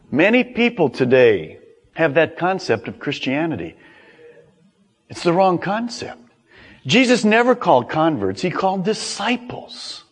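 An older man preaching a sermon as pastor, animated and acting out quoted voices. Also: fairly high pitch, a little slow, breathy edge, big-room sound.

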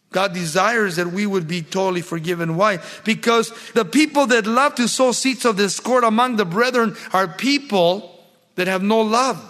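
A man's voice: high-pitched, sharp tone, in a large hall. A man preaching a sermon, reading scripture aloud and then expounding on it with emphatic repetition.

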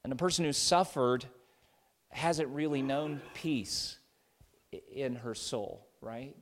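A middle-aged man preaching an expository sermon, dropping to soft, tender lows and rising to loud, emphatic peaks. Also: measured pace. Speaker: pastor.

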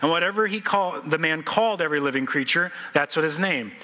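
Animated preacher man in a reverberant hall. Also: fairly high pitch, quick pace. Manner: animated, acting out scenes with playful voices. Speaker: pastor. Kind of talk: sermon. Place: church sanctuary.

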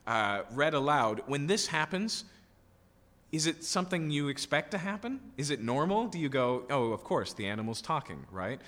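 A man's voice: on the high side, fairly bright tone. A man preaching an expository sermon, emphatic and full of rhetorical questions and checking "okay?" tags. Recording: long hall reverb.

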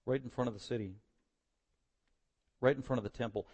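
A man preaches a sermon in a mid-range voice at a fairly quick pace, shifting from quiet verse-by-verse teaching to loud, impassioned passages.

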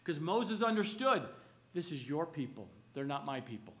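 A male pastor preaches a sermon in a very animated way, putting questions to the congregation and swinging from loud, emphatic lines to hushed, slow ones. His voice is fairly high.

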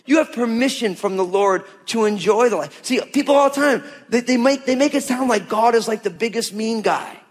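A pastor with a notably high voice delivers a sermon to his congregation at normal speed with few pauses. He's conversational and emphatic, using quoted voices for God and his listeners, and his words carry a long reverb like that of a large church hall.

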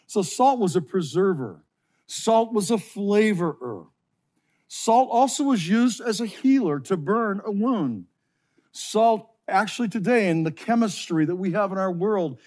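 Man, pastor, fervent sermon, slightly high voice, stresses key phrases. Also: darkish tone. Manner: impassioned preaching, slowing and stressing key phrases.

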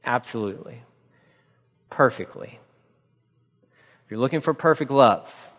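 A male pastor preaching with emphatic repetition, slowing to a measured pace for scripture readings. His voice sits at an ordinary middle pitch. The sound carries a long reverb, as in a church sanctuary. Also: lively intonation, fairly bright tone. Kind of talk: radio sermon.

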